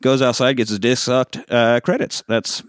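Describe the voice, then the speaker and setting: A man's voice: medium pitch, steady tone, normal speed, clear, resonant tone, no room sound, studio quality. A man hosting a podcast, casually retelling a movie's plot with frequent laughter and swearing. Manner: loose, profane, laughs often mid-sentence. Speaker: podcast host. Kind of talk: casual movie recap chat.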